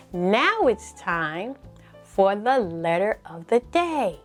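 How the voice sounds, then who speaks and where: A woman teaching a slow, encouraging lesson for small children, asking them to repeat words after her. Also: medium pitch. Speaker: preschool teacher.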